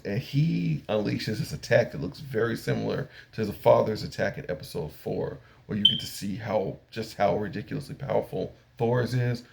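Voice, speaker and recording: Older man with a gravelly low voice. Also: a little mellow. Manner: rambling retelling with frequent fillers and acted-out paraphrases. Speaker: anime reviewer. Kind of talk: casual episode recap.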